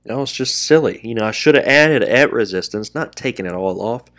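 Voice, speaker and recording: A man hosting live day trading commentary, talking quickly to his viewers as traders and guys, and openly scolding himself when a trade goes wrong. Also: on the low side, animated, fairly bright tone. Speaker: day trader and channel host.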